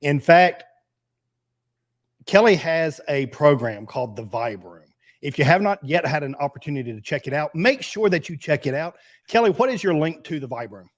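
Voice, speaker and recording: A man's voice: on the high side, sing-song, normal speed. A man co-hosting a podcast, who supports the guest and points listeners to the guest's program. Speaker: podcast co-host. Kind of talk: casual interview hosting.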